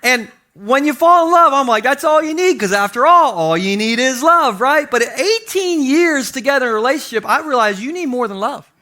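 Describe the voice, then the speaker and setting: A man's voice: very high-pitched, fairly quick, hardly any pauses. A man in his forties preaching with humor, telling self-deprecating stories and acting out the voices in them. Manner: animated, self-deprecating, acts out quotes. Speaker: pastor. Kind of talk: humorous storytelling sermon. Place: church stage before a congregation.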